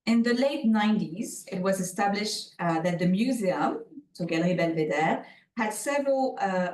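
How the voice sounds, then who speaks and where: A woman's voice: medium pitch, a little mellow. A woman with a French accent giving a conference keynote as a lawyer. She speaks carefully, with many fillers and self-corrections. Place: lecture room. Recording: roomy echo, voice from far off.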